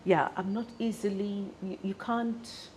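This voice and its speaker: A South African woman, a guest in an interview, telling stories with animated restarts and acting out the voices of people she quotes. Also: mid-range voice, unhurried, a little hiss or hum. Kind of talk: storytelling in an interview.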